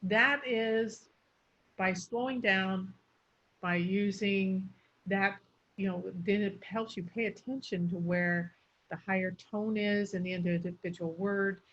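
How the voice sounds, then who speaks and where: A woman's voice: medium pitch, steady tone, slow, a bit bright. A woman speech coach teaching intonation, drawing out words to demonstrate stress, on a muffled lo-fi recording. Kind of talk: explanatory teaching.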